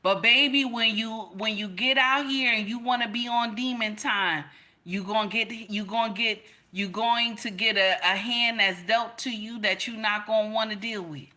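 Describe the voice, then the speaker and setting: Bright-voiced emphatic woman commentator. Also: fairly high pitch, steady tone, normal speed. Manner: emphatic, repeats phrases for effect, preachy. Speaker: reaction video host. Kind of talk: casual commentary.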